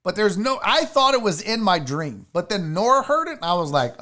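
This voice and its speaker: A man's voice: sits high, big pitch swings, fairly quick, bright, forceful tone. A man hosting a casual show, telling a personal story and swearing now and then. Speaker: sports show host.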